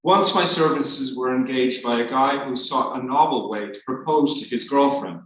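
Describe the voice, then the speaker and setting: Male author at a live reading, dry, measured delivery; distant, dull recording with heavy room echo. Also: medium pitch, fairly bright tone. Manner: measured, wry storytelling. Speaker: author reading his work. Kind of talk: reading a memoir aloud. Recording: echoey hall, distant, dull.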